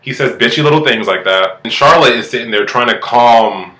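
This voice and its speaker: A man rattles through a reality TV recap in a bright, forceful voice, sassy and full of swearing. His voice bounces around an echoey room. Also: medium pitch, brisk. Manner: profane, animated, sassy. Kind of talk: casual recap commentary.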